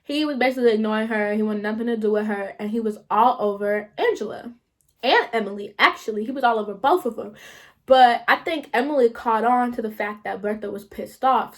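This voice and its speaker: A young woman vlogger telling a story in a casual, slangy, animated way, swearing freely. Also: fairly high pitch.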